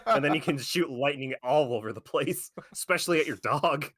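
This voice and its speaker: A man's voice: a little high, brisk, slightly rough, no room sound, studio quality. A young man co-hosting a casual stream, reading things out and mocking them with sarcastic, swearing rants. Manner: sarcastic, swearing, animated ranting. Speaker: stream co-host.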